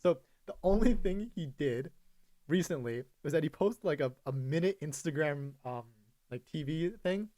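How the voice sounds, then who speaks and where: A man's voice: on the high side, expressive, moderate pace, warm tone. A young man co-hosting a podcast in casual chat, rambling with lots of fillers and restarts. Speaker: podcast co-host.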